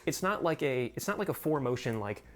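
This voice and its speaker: Over heavy background noise, a young American man hosts a casual video about his collection, sounding very animated and brisk in a mid-range voice. He's a gun collector who rambles, laughs a lot, and swears freely when irritated.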